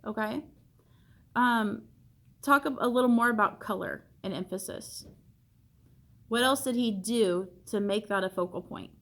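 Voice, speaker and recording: A woman's voice: mid-range voice, measured pace, pauses often, a bit bright. A woman art teacher leading a classroom discussion, asking questions and repeating students' answers back to them.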